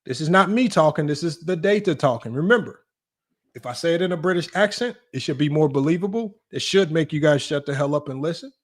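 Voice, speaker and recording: Man, livestream sports host, fairly high voice, casual teasing chat. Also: brisk. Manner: animated, teasing, voice jumps high in mock disbelief.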